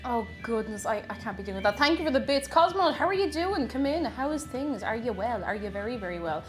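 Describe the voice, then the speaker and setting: A woman's voice: on the high side, animated, a little fast, faint music behind. A young woman chatting on a baking live stream, greeting viewers one by one and laughing often.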